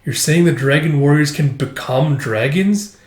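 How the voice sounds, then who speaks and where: A man reading the lines of a young king who commands his army, in a measured, resolute way. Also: fairly high pitch, reverberant, lightly acted.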